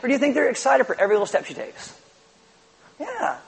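This middle-aged pastor's voice is extremely high, creaky, and slightly rough as he preaches quickly to his congregation. He tells lively stories and acts out little quotes. The recording is rough.

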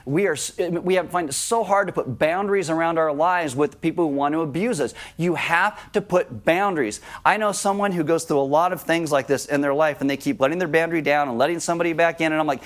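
A man with a somewhat high voice preaches a sermon to his congregation. He talks with them in a conversational way and turns lively when he acts out a scene. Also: fast, few pauses. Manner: conversational, addresses congregation directly. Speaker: pastor.

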